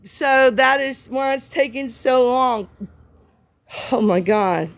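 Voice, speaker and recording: Emotional, teary Southern woman. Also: high-pitched. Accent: Southern American. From Southern United States. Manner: emotional, tearful, halting. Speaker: livestream host. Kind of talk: casual livestream chat.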